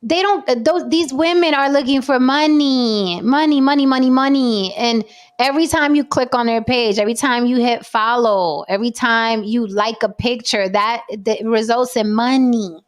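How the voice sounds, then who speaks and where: Woman host, fairly high voice, emphatic and repetitive, casual panel chat. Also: normal speed. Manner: emphatic, repeats points for effect. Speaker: podcast host.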